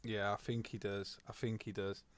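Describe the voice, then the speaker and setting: A man giving live commentary on his sim racing, excitable and sweary, swinging between mutters and loud outbursts. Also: lowish voice, normal speed.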